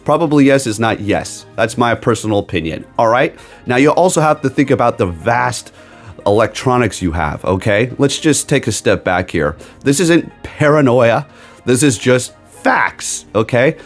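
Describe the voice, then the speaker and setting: A man's voice: medium pitch, animated, moderate pace, faint music behind. A man on a gaming video channel, rambling emphatically in a casual rant with sarcastic asides. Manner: rambling, emphatic, keeps tagging "okay?". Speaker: gaming YouTuber.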